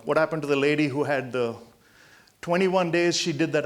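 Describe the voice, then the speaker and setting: Sixties guy from india doing a motivational talk, emphatic storyteller, goes loud then quiet, voice sits kinda high. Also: fairly even intonation, normal speed. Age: 60s. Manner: emphatic storyteller, swinging between loud punchlines and quiet asides. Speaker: motivational speaker. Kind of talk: motivational talk to hospital staff.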